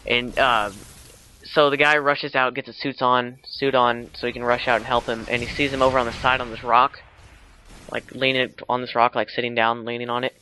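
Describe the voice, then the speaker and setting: A man's voice: mid-range voice, level tone, moderate pace, bright, forceful tone, slight background noise, poor audio. A man casually retelling a film's plot for a video, rambling with lots of fillers and restarts, with teasing asides. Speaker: video blogger.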